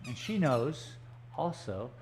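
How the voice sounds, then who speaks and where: A man's voice: medium pitch, big pitch swings, takes it slowly, darkish tone, a little hiss or hum. A man chatting casually and joking in rambling asides while he paints live in an art gallery studio. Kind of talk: casual live-stream chat.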